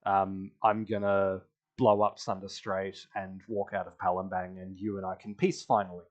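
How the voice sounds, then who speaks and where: On dull-sounding audio, a podcast host with a low, fairly flat voice recaps an online strategy game at a moderate pace. He's chatty, laughs often, and acts out the other players' lines.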